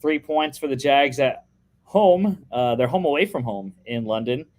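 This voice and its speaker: A man's voice: mid-range voice, expressive, measured pace, darkish tone. A young man co-hosting a casual sports podcast, chatting through his football picks with lots of fillers and restarts.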